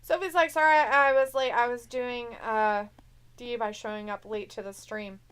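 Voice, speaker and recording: A woman's voice: a little high, fairly even intonation, normal speed, fairly bright tone, clean tone. A woman co-hosting a live stream, chatting casually and reading viewer messages aloud in a teasing, jokey way.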